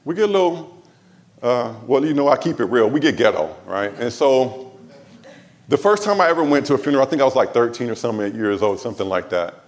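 A Los Angeles man preaching in church talks fast, his mid-range voice carrying lively intonation. As pastor, he addresses the congregation casually, mixing in humor and side comments.

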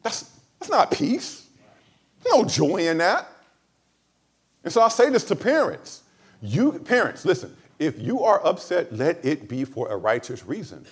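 A male pastor delivering a sermon in a high, very lively voice. He leans hard on key words, then drops low and quiet for asides. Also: a little slow, husky. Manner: emphatic, swings between loud high stresses and low quiet asides.

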